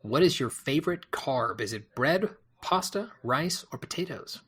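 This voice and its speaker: A man's voice: medium pitch, lively intonation, moderate pace, a bit bright, slightly rough. Hesitant male podcast host. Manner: hesitant, rambling with filler words. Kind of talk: casual quick-fire question game.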